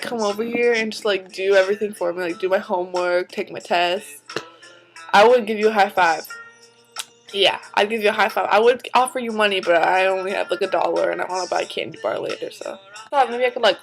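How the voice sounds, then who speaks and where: A woman vlogging in a casual chat. She tells stories in a chatty, excitable way and sounds tired. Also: mid-range voice, poor audio.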